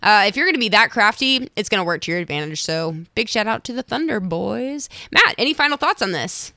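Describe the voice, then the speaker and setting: Woman sports host with a cold, upbeat and bright, close dry mic. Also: medium pitch, lively intonation, brisk, dry recording. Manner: upbeat, laughs often. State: congested. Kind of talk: casual sports chat.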